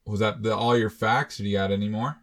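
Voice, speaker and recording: A man's voice: fairly low pitch, steady tone, a little fast, fairly bright tone. A man co-hosting a casual podcast, joking and laughing as he reacts to movie talk. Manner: jokey, laid-back, laughs often. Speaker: podcast co-host.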